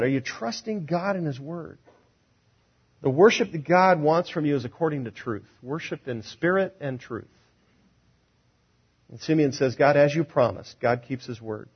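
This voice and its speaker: A man's voice: on the high side, husky, dull audio. A man preaching a sermon as pastor, asking the congregation questions and acting out the words of others.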